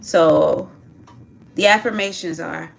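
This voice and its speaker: A woman leading a group through spoken affirmations in a slow, emphatic call-and-response, urging them to repeat after her. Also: sits low, gravelly, a little hiss or hum.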